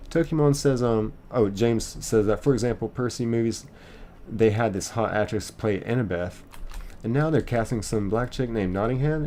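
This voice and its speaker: A man's voice: medium pitch, mellow. A young man hosting a live stream, casually reading viewer comments aloud and rambling with lots of fillers. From United States.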